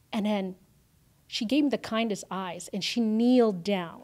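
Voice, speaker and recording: A woman's voice: mid-range voice, unhurried. A woman, a guest in an interview, telling an emotional personal story with many fillers and acted-out quotes. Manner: animated, lots of fillers, acts out quoted lines.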